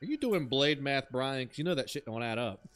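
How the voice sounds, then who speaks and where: Soft background music plays as a man with a medium-pitched voice talks fairly quickly while streaming a horror game. His casual commentary is lively and jokey, full of stories in which he mimics others.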